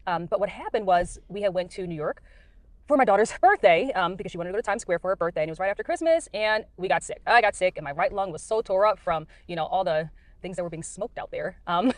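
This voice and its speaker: Fast-talking earnest woman in a car. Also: lowish voice, expressive, no room sound. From United States. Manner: earnest, rambling, many fillers. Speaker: Christian speaker sharing dreams. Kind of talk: casual testimony.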